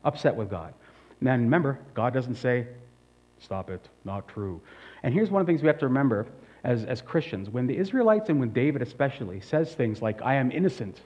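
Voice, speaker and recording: A man's voice: medium pitch, a little mellow. A man preaching a sermon, animatedly voicing scripture quotes with dramatic shifts. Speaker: pastor. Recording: dull lo-fi recording.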